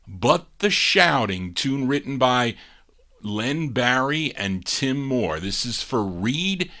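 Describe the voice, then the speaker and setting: A man's voice: mid-range voice, expressive, slow pace, bright, forceful tone. A man hosting a live oldies record show, chatting casually between songs and musing aloud over record details. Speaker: radio-style show host and DJ.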